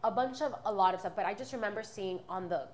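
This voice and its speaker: A woman's voice: medium pitch, fast talker. Candid young woman telling her testimony. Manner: candid, rambling, many fillers and restarts. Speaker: guest. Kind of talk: personal testimony in a podcast interview.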